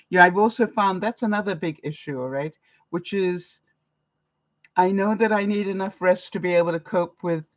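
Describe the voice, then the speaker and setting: A woman's voice: lowish voice, dry recording, rough recording. An older woman from Canada chatting to her viewers in a casual vlog, telling stories with frequent laughs. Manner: chatty, anecdotal, laughs often, lively swings in loudness. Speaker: vlogger. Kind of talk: casual talk to camera.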